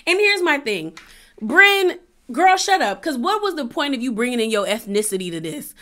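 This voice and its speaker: Bright-voiced woman giving blunt recaps. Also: a little high, fast. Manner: animated, blunt and opinionated, slangy. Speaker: reality TV recap vlogger. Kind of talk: casual commentary.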